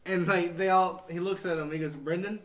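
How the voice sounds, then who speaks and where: A man's voice: high-pitched, fairly even intonation, brisk. A young college-age man on a casual podcast, telling a story in a laid-back, rambling way with country turns of phrase. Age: young adult. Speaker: podcast co-host. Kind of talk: casual chat. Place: outdoors.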